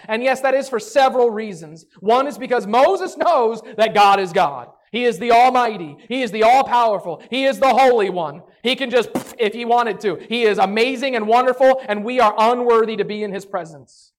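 A man preaching a sermon, telling the story with animated, acted asides. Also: high voice, moderate pace.

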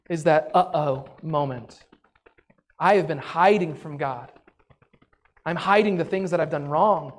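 Man preaching with lively asides. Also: on the high side. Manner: animated storytelling with acted asides. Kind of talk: sermon.

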